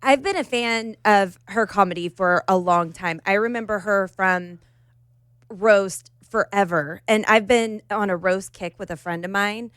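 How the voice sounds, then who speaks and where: A woman tells stories with enthusiasm in a casual podcast chat, often restarting her sentences. Her voice sits at a middle pitch. It is recorded dry and close, with no room sound. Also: unhurried, fairly bright tone, clean tone, dry recording. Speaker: podcast co-host.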